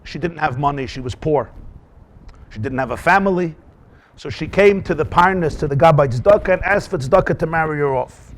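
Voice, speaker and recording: A man teaching a Talmud class as a rabbi. He talks in an animated way, asks rhetorical questions and mixes in Yiddish and Hebrew terms. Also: on the high side, brisk, slight background noise.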